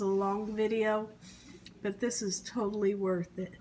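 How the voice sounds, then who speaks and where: A woman hosting her cooking channel, tasting her food on camera with long humming sounds and sometimes dropping into an excited whisper. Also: mid-range voice, a little hiss or hum. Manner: savoring with long humming "mm"s, drawn-out and slow.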